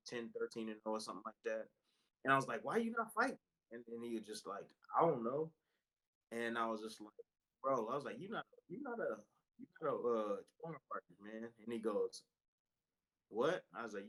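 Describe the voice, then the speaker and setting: A man's voice: mid-range voice, poor audio. A man in his forties, a former fighter turned boxing analyst, telling stories in a casual interview and acting out the dialogue. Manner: animated, acts out quoted dialogue.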